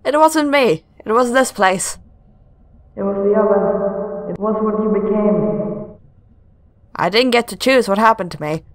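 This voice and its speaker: A gamer reading aloud as the ghost of a drowned young twin girl, slow, hushed and distant. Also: mid-range voice, animated, roomy sound, big-room sound, voice pushed up, close to an everyday voice. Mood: mournful. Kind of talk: reading game dialogue aloud.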